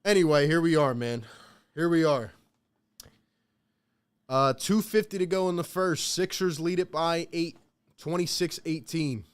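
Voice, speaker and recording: Smooth-voiced man calling a game live. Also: a little high, a little slow, pauses often. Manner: slangy, talks straight to the chat. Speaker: live stream play-by-play host. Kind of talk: casual live play-by-play and reaction.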